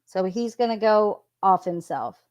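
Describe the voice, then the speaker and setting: Woman, commentator, reading messages aloud, slow pace, mid pitch, plain unhurried delivery. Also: animated, a little mellow. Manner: unhurried, reads quotes in a plain voice. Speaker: true crime commentator.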